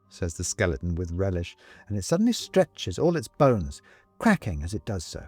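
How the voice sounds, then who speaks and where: Lively male storybook narrator. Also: deep voice, moderate pace, breathy edge, no room sound, soft background music. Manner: lively, expressive. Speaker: audiobook reader.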